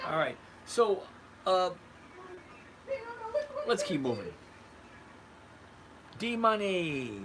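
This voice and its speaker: Reading live chat on his casual trading livestream, a retired older man responds bluntly and conversationally, calling viewers by name. His voice sits a little high against a noisy background.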